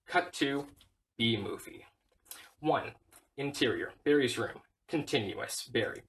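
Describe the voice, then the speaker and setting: A man reading a whole film script aloud, stage directions included, in a flat, steady way. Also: medium pitch, unhurried, distant mic, poor audio. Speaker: reader.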